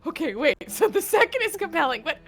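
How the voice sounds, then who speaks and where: A woman playing a character in a tabletop game, loud, playful and quick to laugh and swear. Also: very high voice, very animated, faint music behind. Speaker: player.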